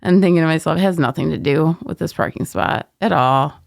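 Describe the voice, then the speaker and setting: Gravelly-voiced woman telling a story animatedly. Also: low-pitched, a little fast, dry recording, clean studio sound. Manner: animated storyteller, laughs through her words. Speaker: podcast co-host. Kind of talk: casual storytelling chat.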